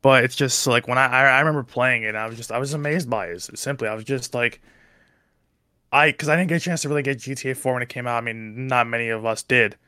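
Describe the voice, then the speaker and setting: Young male co-host, bright and dry, relaxed and halting delivery. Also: mid-range voice, clean tone, no room sound. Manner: relaxed, hesitant, repeats words while searching. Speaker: podcast co-host. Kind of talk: casual chat.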